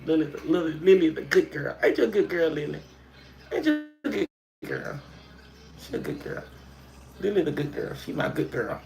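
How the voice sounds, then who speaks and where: A homey, playful middle-aged Southern woman with an Alabama drawl, as a man puts her on. Her voice sits a touch high, with a gravelly fry, and she coos at her dog between folksy asides to the viewers. It is a casual livestream chat from home. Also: moderate pace. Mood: chatty. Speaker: livestream host.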